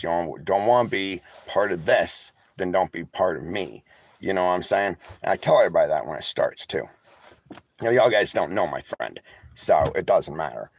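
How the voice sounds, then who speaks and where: His voice sits low with no echo. A tired, emotional vlogger inside a vehicle rambles candidly in casual talk to his viewers, reading live chat, sarcastic and swearing freely.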